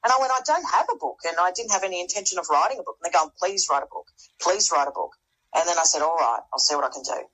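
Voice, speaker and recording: A woman's voice: fairly low pitch, very fast, husky, poor audio. A middle-aged woman, a podcast guest, telling a story casually and acting out other people's voices, with frequent restarts. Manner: animated, acts out quoted voices, frequent restarts.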